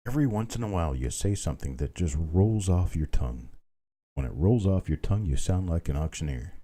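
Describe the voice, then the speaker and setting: Hosting a live online coin auction, a man with a low, dark voice talks casually at a slightly quick clip, his intonation lively as he calls out bids and greets bidders by name.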